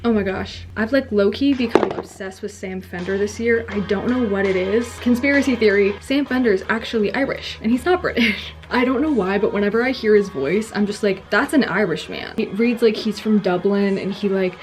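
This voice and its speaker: A young woman rambles happily while doing her makeup in her bedroom, her speech full of "like" and little giggles. Her pitch sits in an ordinary middle range, and soft pop music plays quietly in the background. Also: fairly quick, hardly any pauses. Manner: rambling and chatty, heavy use of "like", frequent giggles. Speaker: beauty vlogger. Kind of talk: casual get-ready-with-me chat. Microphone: camera nearby, self-filmed. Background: faint pop music playing.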